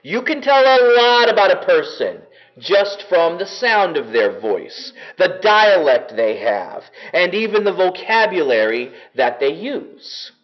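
A man's voice: high-pitched, very animated, unhurried. A man preaching a sermon as pastor, earnest and enthusiastic in a conversational way. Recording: dull lo-fi recording.

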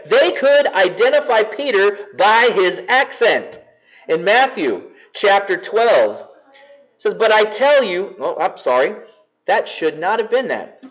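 A man preaching a sermon to a congregation, earnest and measured, slowing down to stress key words. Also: high voice, dull audio. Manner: earnest, measured with slowed emphasis.

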